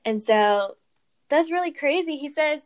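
A young woman reflecting on a Bible story in casual chat, animated and full of "like" and exclamations. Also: high voice, a little slow. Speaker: co-host reflecting on scripture.

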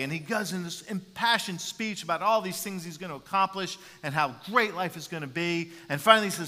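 A man preaching a sermon as a pastor, animated and repeating words as he builds his points. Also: sits high, fairly quick, hardly any pauses. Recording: long reverb in a large hall.

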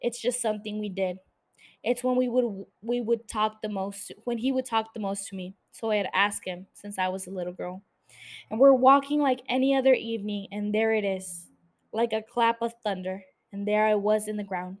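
Woman reading as a hurt, bitter woman facing her shooter, measured, mid pitch. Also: fairly even intonation, natural voice. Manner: measured, bitter, then forgiving. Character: wounded woman confronting the man who shot her.

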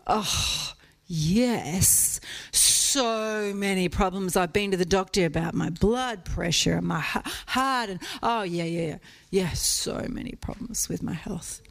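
A woman's voice: fairly low pitch, takes it slowly, creaky, pitched below the performer's own voice. A woman voicing an older churchgoing woman who sighs and mumbles about her many health problems. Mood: weary.

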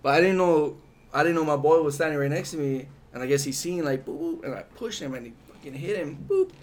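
Young hawaii dude telling a rambling story, lots of swearing, kinda high voice. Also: male voice, quick pace. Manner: profane, rambling storyteller acting out quotes. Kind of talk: casual chat.

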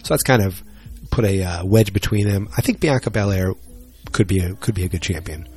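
A man's voice: low voice, fairly quick, a little mellow, breathy edge, soft background music. A man chatting casually and rambling on his own about upcoming wrestling matches, joking and poking fun at himself. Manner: rambling, joking, self-deprecating. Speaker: solo wrestling vlogger.

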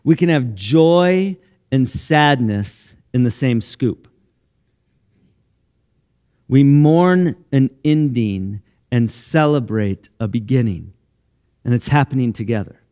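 A man's voice: medium pitch, expressive, slow pace, pauses often, warm tone, clean tone. A man pastor giving a sermon in a church in an easygoing, conversational way, often restarting phrases and growing emotional. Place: church sanctuary.

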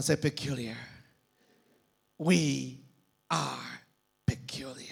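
A man's voice: on the high side, vocal fry, fairly bright tone. A man preaching a sermon, dramatic and calling on the congregation to repeat after him. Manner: dramatic, calls for congregation response.

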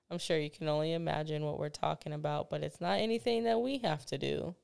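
A woman with a low, gravelly voice chats with a co-host on a podcast. She tells stories with energy and laughs often. The sound is close and dry. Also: brisk, no room sound. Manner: animated storytelling, acts out voices, laughs often. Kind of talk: casual chat.

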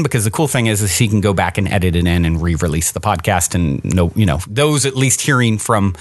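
A man's voice: low-pitched, animated, brisk, hardly any pauses, no echo. A man hosting a podcast, telling a personal story in a chatty, upbeat way, with many fillers and restarts. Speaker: podcast host.

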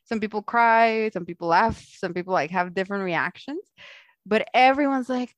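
A young woman tells a story in casual chat, lively and quick to laugh, slipping into the voices of the people she quotes. Her voice sits at an ordinary middle pitch. The sound is dry and close, with no room around it. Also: dry recording. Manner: animated, laughs often, acts out quoted voices.

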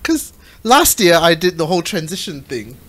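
A young man, co-hosting a podcast, eager and quick to laugh. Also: fairly high pitch. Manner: animated, giggly, eager. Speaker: podcast co-host. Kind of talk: casual chat.

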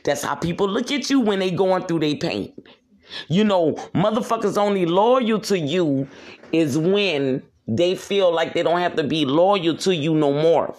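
A man rants alone on his podcast, in a voice a touch higher than most men's. He preaches at his listeners and curses constantly. He circles back to repeat each point. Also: animated, unhurried. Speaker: podcast host. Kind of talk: solo rant monologue.

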